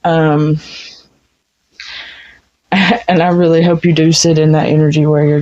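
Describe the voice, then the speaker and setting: A woman's voice: deep voice, flat delivery, unhurried, long pauses, darkish tone. Woman doing a tarot reading, super blunt, swears a lot, takes her time, muffled lo-fi audio. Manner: blunt and frank, swears freely. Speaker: tarot reader. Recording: dull lo-fi sound.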